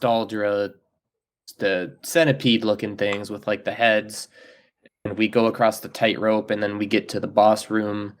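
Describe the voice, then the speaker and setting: A man's voice: on the low side, level tone, unhurried. A man co-hosting a casual gaming podcast, recapping in an easygoing way. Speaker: podcast co-host.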